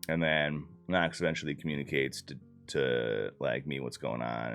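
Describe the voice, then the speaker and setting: A man's voice: deep voice, lively intonation, moderate pace, clean tone, soft background music. A man loosely recapping a tabletop game session in casual, profane talk full of fillers. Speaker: player recapping the campaign.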